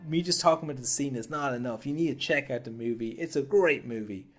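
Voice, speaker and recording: A man's voice: medium pitch, quick pace, soft background music. A man hosting a comedic film commentary series, chatting casually in a rambling, slangy way that often repeats itself.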